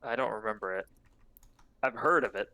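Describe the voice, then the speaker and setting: A man playing along on a live stream, chatting casually with quick offhand reactions to the game. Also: lowish voice, bright, forceful tone. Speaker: co-player on stream. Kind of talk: casual gaming chat.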